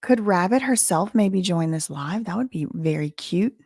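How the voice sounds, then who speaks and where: A woman's voice: lowish voice, animated, normal speed, darkish tone, no echo, studio quality. A woman with a Southern American accent hosting a casual livestream, thinking aloud with lots of fillers. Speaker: livestream host.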